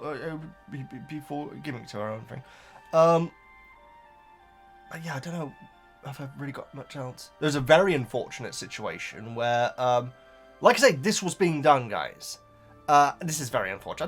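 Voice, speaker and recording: A man's voice: medium pitch, a bit bright. A man hosting a book reaction video, chatting casually to viewers in a rambling way with frequent stammered repeats and asides.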